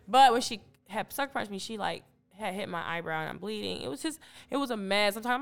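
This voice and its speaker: A woman's voice: mid-range voice, sing-song, normal speed, gravelly, fairly bright tone, smooth. A young adult woman from Detroit, a podcast guest in casual chat, telling stories animatedly and acting out her own past remarks. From Detroit, Michigan.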